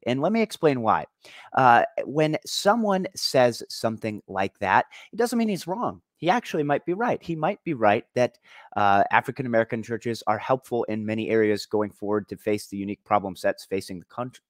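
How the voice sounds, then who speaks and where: Man, commentary vlog host, emphatic, argumentative, mid-pitched, dry close sound. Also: dry recording.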